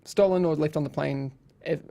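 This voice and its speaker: Male podcast host, gravelly tone, chatty anecdotal delivery with restarts. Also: a little high, fairly even intonation, normal speed, dark tone. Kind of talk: casual podcast chat.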